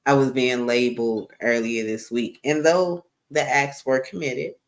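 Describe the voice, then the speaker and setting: A woman's voice: very deep voice, fairly even intonation, measured pace. Candid, emphatic woman streaming live. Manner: candid, emphatic, repeats phrases for stress. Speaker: livestream host. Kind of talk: casual live-stream monologue.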